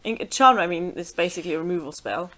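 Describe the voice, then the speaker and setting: Woman chatting casually, thinks out loud, relaxed and chatty. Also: on the low side, fast. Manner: thinking aloud, easygoing, chatty. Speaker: co-host building a card deck. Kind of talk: casual chat.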